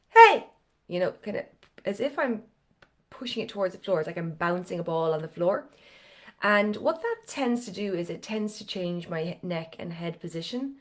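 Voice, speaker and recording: Vocal coach with a lowish voice. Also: female voice. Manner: chatty, encouraging, gives step-by-step cues. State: slightly strained voice. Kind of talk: live online singing lesson.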